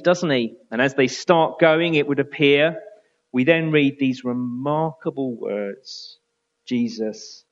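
A man preaching a sermon in an earnest way, often dropping to a near hush on key words. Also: medium pitch, muffled recording. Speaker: pastor.

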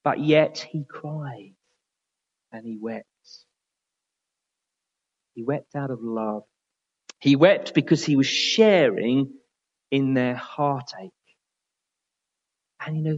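A man preaching a sermon in an earnest way, often dropping to a near hush on key words. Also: fairly high pitch, lo-fi sound. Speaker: pastor.

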